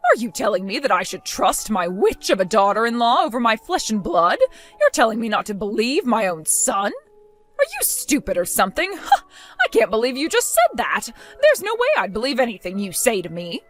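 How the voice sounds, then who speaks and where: A woman's voice: fairly high pitch, wildly swooping pitch, moderate pace, soft background music. A woman voicing a stern, scornful older mother-in-law who scolds and accuses. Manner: cold, scolding, contemptuous. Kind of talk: text-story voice acting.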